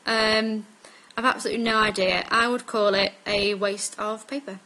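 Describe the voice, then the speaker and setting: In an accent tag video, a twenty-something woman from Staffordshire with a northern English accent mix chats through the word list slowly, saying um a lot. Her medium-pitched voice sounds steady and sharp, though the audio quality is poor.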